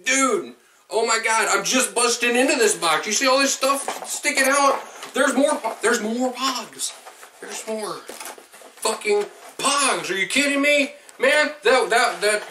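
Excitable swearing man in an echoey room. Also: a little slow, recorded from a distance, slight background noise. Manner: excitable, swears a lot, swings high when thrilled. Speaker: vlogger opening a fan mail box. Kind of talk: excited unboxing vlog.

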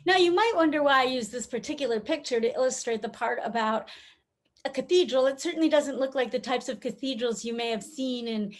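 Woman, high pitch, keynote speaker, storytelling, acts out quoted voices. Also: fairly quick. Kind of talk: motivational talk with storytelling. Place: virtual conference, recorded remotely.

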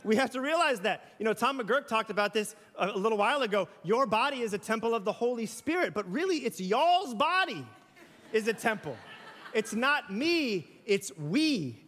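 A man preaching a sermon in a church, conversational and animated, with playful asides. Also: very high-pitched, normal speed. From US South. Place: church sanctuary. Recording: church hall with long reverb.

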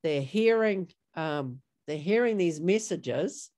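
A middle-aged woman leads a community training session over a video call. Her voice sits slightly low. She talks in a loose, conversational way, full of ums and rights, and slips into quick acted-out example replies. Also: expressive, a little mellow. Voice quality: conversational, filler-heavy, acts out example replies. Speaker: workshop trainer. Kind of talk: online training talk.

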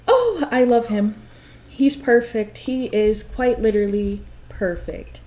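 A young woman chats her way through a life-simulation game, gushing over her characters and leaping up high whenever something thrills her. Her voice sits a little high yet sounds mellow and warm rather than bright. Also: slow pace. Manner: gushing, excitable, high swoops on exclamations. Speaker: gameplay commentator. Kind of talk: casual game commentary.

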